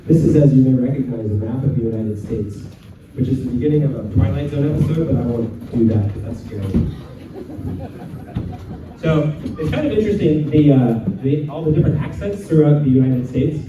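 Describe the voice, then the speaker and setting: A man from Southern California doing a live stand-up comedy bit, halting with many fillers and dipping into quick accent impressions. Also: medium pitch, noisy background. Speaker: comedy performer at a family event. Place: large echoey hall with a live audience. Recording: echoey hall from far off, dull sound. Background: audience murmur and laughter.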